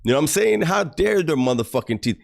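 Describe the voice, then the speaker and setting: A man telling profane, animated stories about prison to his online audience. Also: a little high, fast, vocal fry. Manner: animated, profane, mock-disgusted storytelling. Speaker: YouTuber recounting prison stories. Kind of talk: casual storytelling to a livestream audience.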